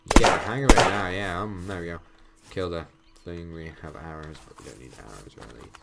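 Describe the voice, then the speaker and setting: Low-voiced young man rambling over gameplay. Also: fairly quick, vocal fry, very noisy. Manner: rambling, thinking aloud, frequent ums. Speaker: gameplay commentator. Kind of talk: casual let's-play commentary.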